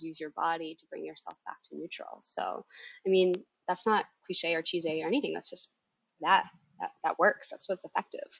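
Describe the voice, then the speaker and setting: Low-voiced woman coach, encouraging, casual podcast chat, dry muffled audio. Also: gravelly, dry recording. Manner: encouraging, coaching, expansive explanations. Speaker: founder coach, podcast co-host. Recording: dull, lo-fi dry sound.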